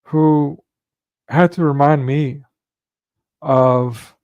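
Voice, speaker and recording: A man's voice: on the high side, steady tone, extremely slow, a little mellow, clear, resonant tone, dry recording, highs cut off. A man hosting a livestream, telling a long rambling story in casual chat with frequent restarts and fillers. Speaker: livestream host.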